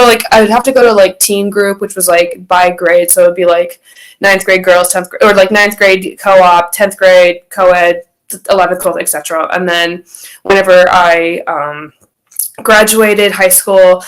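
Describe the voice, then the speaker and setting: This is a casual storytelling chat: a young woman, guesting on a podcast, rambles through a personal story with lots of fillers and restarts while acting out quotes. Her mid-range voice is a bit bright, and the audio is poor.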